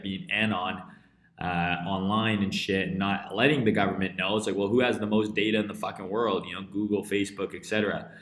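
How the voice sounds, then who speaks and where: A man's voice: on the low side, sharp tone, echoey room. Profane, blunt Canadian man streaming. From rural interior British Columbia, Canada. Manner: blunt and profane, heavy swearing. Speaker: crypto trading live streamer. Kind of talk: casual live-stream rant, reading chat.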